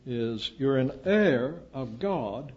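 An older man preaching a sermon, lecturing emphatically and often rising to loud declamation. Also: medium pitch, expressive, takes it slowly, breathy edge. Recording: dull lo-fi recording.

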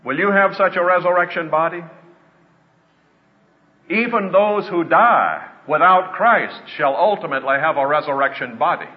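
Male preacher, slightly high voice, earnest sermon delivery, dull lo-fi sound. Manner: earnest, slows down to stress points. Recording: dull lo-fi with long reverb.

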